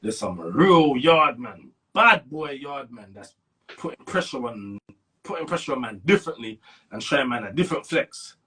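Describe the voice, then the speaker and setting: A middle-aged man from Brixton with a South London accent, telling his story in a casual interview with animated street talk and sudden jumps in pitch when he stresses a point. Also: normal speed, breathy edge. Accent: South London, London slang. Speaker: interview guest.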